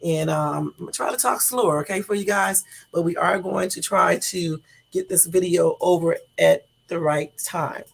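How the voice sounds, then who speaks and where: A middle-aged woman hosting her own livestream in a casual, rambling chat, talking very fast. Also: on the low side, creaky, slightly rough. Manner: talks very fast, chatty and rambling. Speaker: livestream host.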